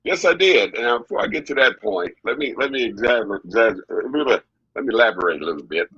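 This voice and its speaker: A middle-aged man tells his story in a husky, slightly breathy voice, circling back and repeating himself as he goes. The sound is dry and somewhat dull, like lo-fi audio. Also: medium pitch, a little fast, no echo. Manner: animated, repetitive storyteller. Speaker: wrestling guest. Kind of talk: storytelling interview.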